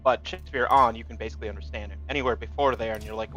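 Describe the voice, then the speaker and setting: A bright, forceful male voice, holding forth confidently like he's giving a small lecture between rounds. The sound is dull and lo-fi, with faint music playing underneath. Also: fairly low pitch, very fast. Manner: explains at length, confident lecturing tone. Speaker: gamer chatting with friends. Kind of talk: casual chat. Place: home gaming setup, voice chat.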